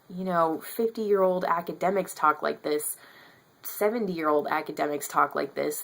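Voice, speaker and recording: A woman's voice: fairly low pitch, creaky, fairly bright tone. A woman in her twenties giving a casual book review on her vlog, chatty and thinking aloud with lots of fillers. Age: 20s.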